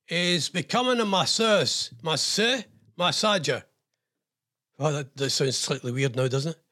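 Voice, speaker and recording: A man's voice: high-pitched, pushed and bright. An older man hosting a radio show, telling a rambling, self-mocking story in casual chat.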